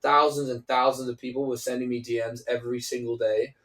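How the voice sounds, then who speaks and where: A man's voice: mid-range voice, completely flat delivery, brisk, a bit bright, recorded from a distance, poor audio. Casting: young English-born man, loose rambling guest, a bit off-mic. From England. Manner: rambling, restarts sentences, casual swearing. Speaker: guest singer. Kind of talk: casual interview chat.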